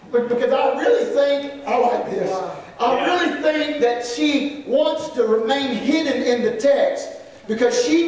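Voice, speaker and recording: High-voiced preacher booming in an echoey church. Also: male voice. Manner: emphatic preaching that swells into shouts, then drops low; exclamations of "well, glory". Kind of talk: sermon. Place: church sanctuary. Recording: echoey sanctuary, far from the mic, congregation audible. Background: congregation calling out amens.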